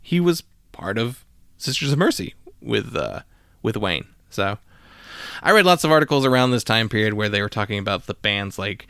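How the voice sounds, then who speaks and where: A man's voice: fairly low pitch, animated, normal speed, gravelly, a bit bright, clean tone, dry recording, clean studio sound. A man hosting a podcast, talking casually about old records with lots of fillers and loose asides. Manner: casual, rambling with frequent fillers. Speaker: podcast host. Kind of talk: solo music podcast monologue.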